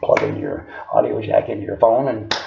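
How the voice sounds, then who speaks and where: A man with a gravelly voice tells a personal story in a loose, rambling way, padding it with fillers and small chuckles. His pitch sits in an ordinary middle range. The recording is echoey and dull, with a lo-fi sound. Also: huge pitch swings, normal speed.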